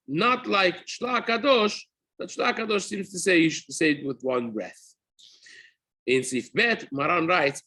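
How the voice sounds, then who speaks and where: A man's voice: sits high, very animated, moderate pace, pushed and bright, husky. A rabbi giving a daily halacha class, explaining step by step, often repeating and rephrasing himself and weaving Hebrew terms into his English. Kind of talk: spoken Torah class.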